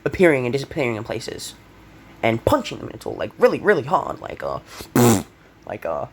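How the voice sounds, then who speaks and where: A young man rambles through a made-up fan story, stopping to correct himself and fill gaps with ums and likes. His voice is gravelly, and his pitch swings around a lot. He keeps coughing and clearing his throat, over a faint hiss of background noise. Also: huge pitch swings, a little fast. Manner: rambling, full of fillers and self-corrections. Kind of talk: casual fan story retelling.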